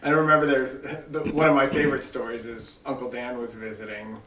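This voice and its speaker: A middle-aged man telling family stories in a lively, animated way, heard with a roomy echo from a distance. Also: medium pitch, a little fast, noisy background. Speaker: interviewer, son. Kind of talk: casual family conversation.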